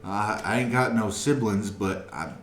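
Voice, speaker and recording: A man's voice: fairly low pitch, a little slow, a bit bright, echoey room, pitched above the performer's own voice. A man voicing a skinny teenage boy who shakes and stammers as he pleads. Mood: pleading. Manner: shaky, stammering plea.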